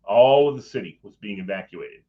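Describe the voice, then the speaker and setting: A brisk, lowish male voice on lo-fi audio belongs to a middle-aged guest sharing a personal story in casual chat. He brings animation to it, acting out people's words and chuckling partway through sentences.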